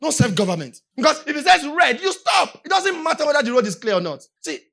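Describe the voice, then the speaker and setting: Emphatic Nigerian woman preaching, bright voice. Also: high-pitched, very animated, quick pace, gravelly. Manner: emphatic, repeats lines, builds to shouting. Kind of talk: sermon.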